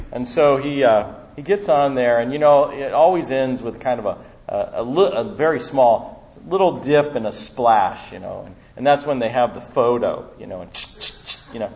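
Guest preacher, male, mid pitch, relaxed storytelling style with fillers, muffled conference recording. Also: moderate pace. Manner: casual storytelling with many fillers. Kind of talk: conference sermon. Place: conference hall. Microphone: handheld or stand microphone.

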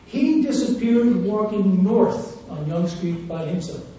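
A man preaching a sermon, telling a story fervently and swinging between hushed and loud passages. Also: high voice, lively intonation, takes it slowly. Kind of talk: sermon testimony. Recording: muffled, echoey, distant church recording.

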